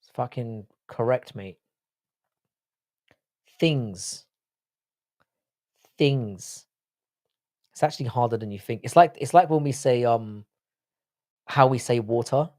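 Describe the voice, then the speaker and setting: A man's voice: mid-range voice, moderate pace, a little mellow. London man bantering on a live stream. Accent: London English. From England. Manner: profane, joking banter with the chat. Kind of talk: casual live stream chat.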